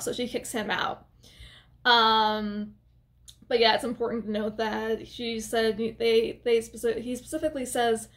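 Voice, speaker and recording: Woman doing a casual movie recap, kinda high voice, rambly and expressive. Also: measured pace. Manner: chatty and expressive, with lots of filler words and asides. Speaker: movie reviewer.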